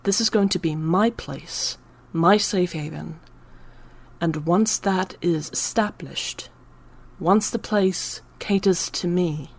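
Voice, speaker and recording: Teary woman just rambling to the camera, voice a bit low, slips into whispers now and then. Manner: emotional, on the verge of tears, drops to whispers at times. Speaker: channel host. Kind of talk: unscripted personal ramble.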